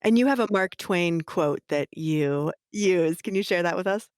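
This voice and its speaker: A woman hosting a podcast interview, speaking in a measured, admiring way. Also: fairly low pitch, darkish tone, dry recording, clean studio sound. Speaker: podcast host.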